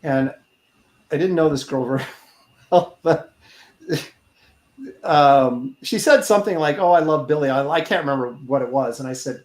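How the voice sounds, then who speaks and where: A man hosting a casual chat show, telling stories in a halting, rambling way. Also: a little high, a little mellow, echoey room. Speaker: podcast host.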